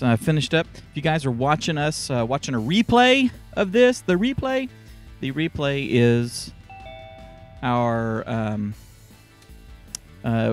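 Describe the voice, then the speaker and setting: A man hosting a casual live stream show, playful and joking while he sets things up. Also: medium pitch. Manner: playful, jokey, multitasking. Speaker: show host.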